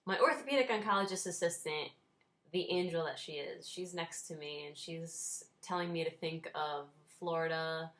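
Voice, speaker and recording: A young woman in her twenties talks straight to her viewers in a relaxed vlog. Her voice sits a little low, and her tone stays wry and self-mocking, with small laughs slipped in. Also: moderate pace. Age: 20s. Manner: wry, self-deprecating, laughs while telling. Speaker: vlogger. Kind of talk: casual storytelling vlog.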